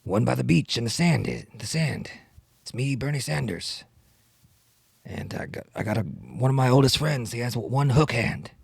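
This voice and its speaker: A man's voice: mid-range voice, sing-song, creaky, slightly rough, dry recording, studio quality, exaggerated voice. A man doing a comic impression of an old male politician, freestyle rapping in a boastful, drawling way. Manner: boastful, slow and drawling rap delivery.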